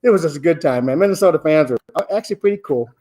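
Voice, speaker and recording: A man's voice: on the high side, animated, very fast, warm tone. A man in his sixties telling a rowdy, profane story in a casual podcast chat. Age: 60s.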